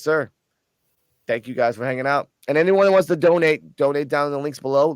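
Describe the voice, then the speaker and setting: A man from Puerto Rico telling a story in a casual, animated vlog, cursing freely and sounding a little tipsy. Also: mid-range voice, clean tone, no echo. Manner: profane, animated, excited storytelling. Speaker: channel host.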